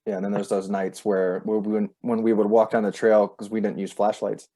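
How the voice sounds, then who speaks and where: A man's voice: lowish voice, flat delivery, normal speed, dark tone. A man hosting a casual podcast chat, telling stories in a rambling way with many fillers. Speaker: podcast host.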